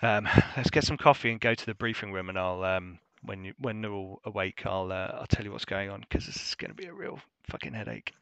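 A man voicing a brisk, tired male spaceship captain who curses casually and speaks in clipped, halting bits. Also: on the low side, fairly bright tone, clean tone, no echo. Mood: weary.

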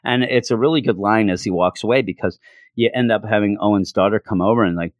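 A man's voice: lowish voice, quick pace, dry recording. Rambling man recapping a story, dry. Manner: rambling, many fillers. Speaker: comic book reviewer. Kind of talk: casual plot recap.

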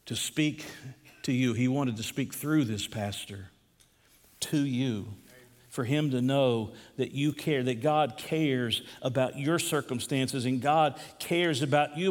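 A man preaching a sermon as pastor, emphatic and slowing down to stress key phrases. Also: medium pitch, in a large hall.

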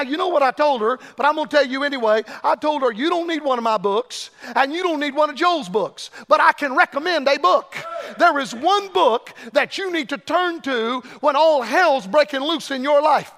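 A man preaching with a strikingly high voice, pressing his points home and repeating key lines. His words ring out in a hall with a long, lingering reverb. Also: fairly bright tone. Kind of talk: sermon.

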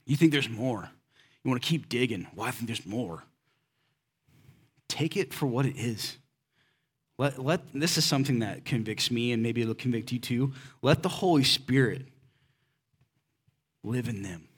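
Male pastor, mid-pitched, casual and direct sermon delivery, heavy on rhetorical questions. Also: moderate pace, long pauses, husky. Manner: conversational preaching with rhetorical questions; casual and direct, slips in slang.

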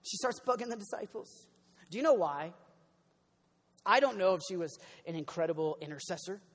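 Animated young preacher in a reverberant hall. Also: male voice, sits high, normal speed. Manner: conversational, animated, acts out voices, swings from loud to quiet. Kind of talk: sermon.

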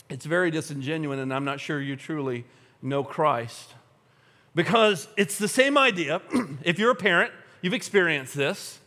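A man preaching a sermon to a congregation in a church, animated and humorous, acting out everyday scenes. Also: a little high. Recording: long hall reverb.

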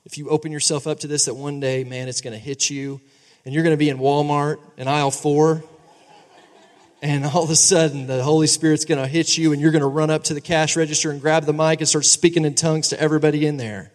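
A fairly high-voiced man in his thirties preaches to his congregation in a church sanctuary, his words ringing through a long hall reverb. He is animated and conversational, often checking that the listeners agree with him. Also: fast. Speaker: pastor. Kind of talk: sermon.

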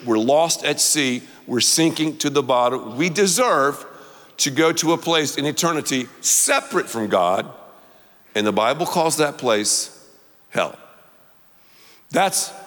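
A man preaching a sermon, animated and playful, leading the audience to repeat lines after him. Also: mid-range voice. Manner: animated, audience call-and-response. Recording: long hall reverb.

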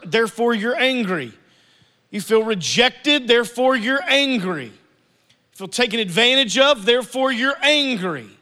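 Male preacher, earnest and conversational, high bright voice, reverberant hall. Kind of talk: sermon.

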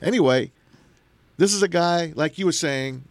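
Man, sports talk host, fairly high voice, dry close sound, animated banter. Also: moderate pace, no room sound. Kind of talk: casual sports chat.

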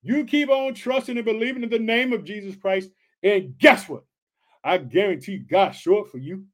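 A man preaching an energetic Bible study sermon, reading scripture aloud and commenting, fired up and calling his listeners family. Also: high-pitched, normal speed.

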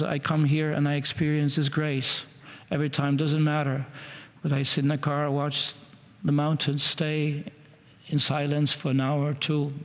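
A man preaching, retelling another man's conversion story in a halting, repetitive way, with many restarts. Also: a little high. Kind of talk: sermon storytelling. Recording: long hall reverb.

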